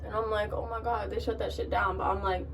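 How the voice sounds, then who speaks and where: A young woman, a college freshman, telling a profane, animated story to the camera while doing her makeup. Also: mid-range voice, brisk, creaky, distant mic. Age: young adult. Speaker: vlogger. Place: in front of a mirror, doing makeup. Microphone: camera a short distance away.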